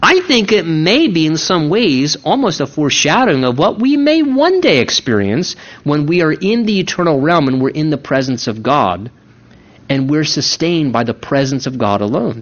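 A man's voice: a little high, sing-song, normal speed, highs cut off. A man preaching a sermon in a conversational, emphatic way, repeating key words for stress. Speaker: pastor.

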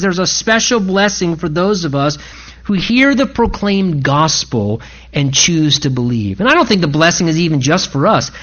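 A man's voice: high voice, fairly bright tone, highs cut off. A man pastor giving an earnest, impassioned sermon in church, pleading with his listeners.

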